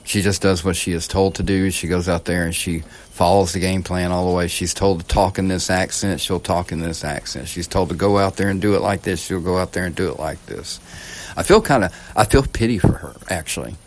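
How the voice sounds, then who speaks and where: A man's voice: low voice, a little fast. A man hosting a podcast, talking through a casual political monologue in a blunt, profane way that rambles and restarts. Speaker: podcast host.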